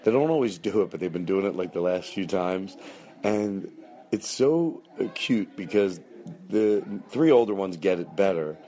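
A man's voice: deep voice, animated, normal speed, dark tone. A man hosting a podcast in casual, rambling chat, often breaking off mid-thought and swearing offhandedly. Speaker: podcast host.

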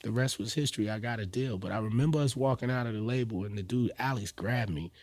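A middle-aged man from Indiana telling a story as a guest on a casual interview show. He talks in a slangy, animated way and often drops to quiet, low asides. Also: fast. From Indiana, United States. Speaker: guest, freestyle rapper.

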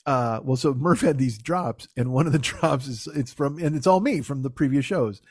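A man's voice: medium pitch, normal speed, darkish tone, slightly rough, no room sound, clean studio sound. A man hosting a podcast in casual comedic banter, with sarcastic, profane rants. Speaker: podcast host.

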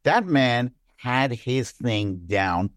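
A man in casual political chat, animated, acting out quotes with big jumps in pitch. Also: very slow, dry recording, studio quality.

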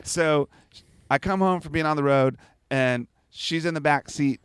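A man's voice: a little high, a little slow, clean tone. A man in his forties, telling stories in a casual interview with a lot of swearing and laughter. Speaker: guest musician.

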